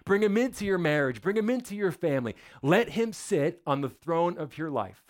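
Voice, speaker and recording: Guy pastor preaching, emphatic, lots of repeating, voice a bit high. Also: sing-song, moderate pace. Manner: dramatic, emphatic, with rhetorical questions and repetition. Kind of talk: sermon.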